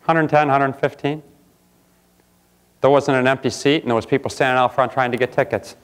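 A pastor preaching a sermon in a church, jumping from loud outbursts to quiet asides. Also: male voice, medium pitch, steady tone, normal speed, clear, resonant tone. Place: church sanctuary.

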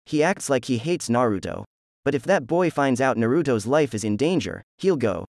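A man's voice: medium pitch, lively intonation, moderate pace, darkish tone, dry recording, clean studio sound, natural voice. A man voicing a worried old guild master muttering to himself.

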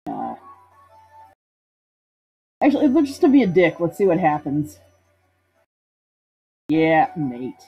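A woman's voice: on the low side, very animated, moderate pace, creaky, pauses often, dark tone, breathy edge. A woman casually commenting on a video game she streams, reading text aloud and joking about it. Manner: playful, reads game text aloud and jokes. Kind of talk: casual let's-play commentary. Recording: dull lo-fi stream audio with game music.

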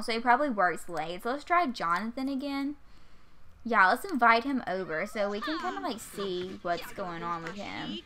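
A woman in her twenties, a gaming YouTuber, gives chatty, giggly gameplay commentary into a USB desktop microphone, full of "like" and mild swearing. Her voice is fairly high with a sharp tone.

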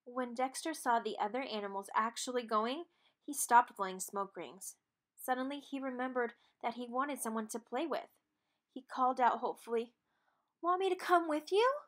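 A woman reading a children's picture book aloud, expressive and playful with sound words. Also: a little high, normal speed. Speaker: read-aloud narrator.

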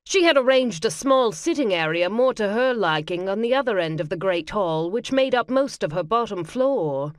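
A woman reads an audiobook at a middle pitch, with a measured, even delivery. Her voice is recorded close in a studio, dry and free of room sound. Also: no echo. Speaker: audiobook narrator. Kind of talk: scripted narration.

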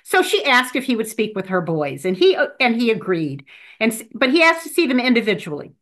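A woman reading a joke and a devotional at church, expressive and deliberate. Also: on the high side. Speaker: church lay reader.

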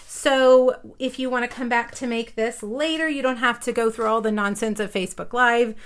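A woman's voice: fairly high pitch, steady tone, moderate pace. A woman, chatting her way through a live papercraft tutorial with rambling asides. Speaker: papercraft demonstrator. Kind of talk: live craft tutorial chat.

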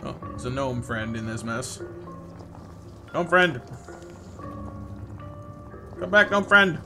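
Bright-voiced man streaming gameplay. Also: medium pitch, animated, slow pace, faint music behind. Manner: playful, chatty, greets viewers. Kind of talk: live gameplay commentary.

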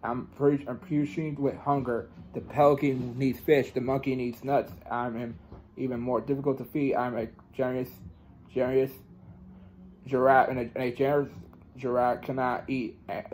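Man reading a storybook aloud haltingly. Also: mid-range voice, a little mellow, a little hiss or hum, rough recording. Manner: halting, with frequent restarts and self-corrections. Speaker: reader. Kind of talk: reading a children's book aloud.

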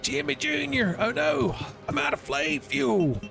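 A man voicing a whiny, high-voiced cartoon boy. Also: animated, a little slow, gravelly, over music, full character voice.

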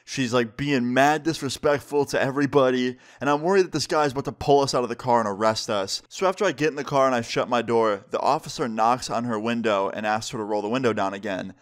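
Young man telling a lively story. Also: medium pitch, quick pace, hardly any pauses. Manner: animated, emphatic storytelling with casual slang. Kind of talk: casual storytime vlog.

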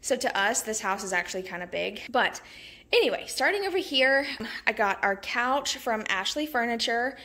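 Casting: friendly woman, slightly high voice, casual home vlog walk-through on a camera mic. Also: animated, normal speed, bright, forceful tone. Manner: chatty, friendly, many "um" fillers. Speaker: home vlogger giving a house tour. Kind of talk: casual chatty house tour. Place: inside a small house, walking room to room.

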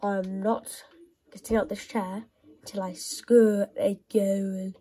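A woman giving excitable commentary while playing a football video game, often shouting and squealing at the match. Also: medium pitch, takes it slowly, breathy edge, rough recording. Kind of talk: gaming commentary.

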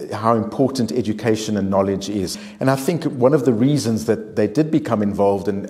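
A man with a low, mellow voice answers questions at a university panel event. He speaks haltingly, restarting often and repeating small words as he works toward each point. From South Africa. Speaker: author and journalist guest.

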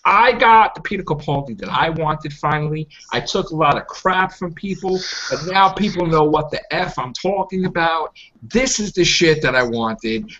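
A man's voice: a little high, animated, normal speed, sharp tone. A man hosting a casual fan podcast, ranting and swearing with strong opinions. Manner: ranting, swears, mocks people in silly voices. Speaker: podcast host. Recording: dull lo-fi audio.

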